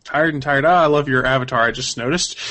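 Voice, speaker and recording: A man's voice: medium pitch, quick pace, very noisy. A man hosting a casual podcast over webcam microphones, chatty and upbeat, laughing between lines. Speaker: host.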